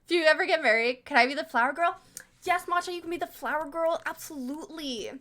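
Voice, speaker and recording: A woman's voice: sits high, fast, sharp tone. A French-Canadian woman from Montreal with a Quebec French accent, chatting casually on a live stream, laughing often and reading chat messages aloud.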